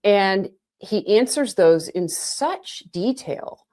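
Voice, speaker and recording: A woman's voice: medium pitch, animated, slow, dark tone. A woman talking as a guest analyst on a sports podcast, emphatic and conversational. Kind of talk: casual podcast chat.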